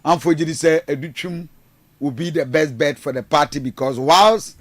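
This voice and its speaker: A man's voice: a little high, normal speed, no room sound. A man with a Ghanaian accent giving rambling, hesitant political commentary, mixing in Twi phrases. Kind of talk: casual news commentary.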